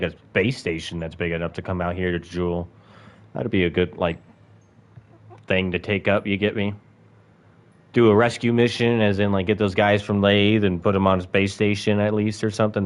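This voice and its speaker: A young man streaming a space game, rambling and swearing casually, bursting into yelps and laughs. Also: fairly low pitch. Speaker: gaming streamer. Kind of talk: casual gameplay commentary.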